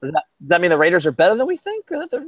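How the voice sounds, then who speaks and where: A male podcast host chatting about sports in a casual, rambling way, often restarting his sentences. His voice sits a little high for a man, and it sounds dry and close to the mic. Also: huge pitch swings, racing, fairly bright tone, no echo. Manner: chatty, many restarts, laughs easily.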